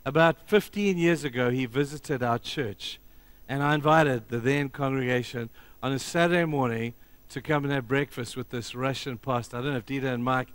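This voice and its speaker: A middle-aged man preaching a sermon as pastor, telling stories emphatically and swinging between loud passages and hushed ones. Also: medium pitch, normal speed, no echo.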